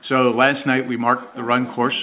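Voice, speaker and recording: A man's voice: medium pitch, flat delivery, moderate pace. A man co-hosting a casual chat, talking in a chatty, digressive way and laughing easily. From grew up outside Texas. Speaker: podcast co-host. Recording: tinny phone-like audio.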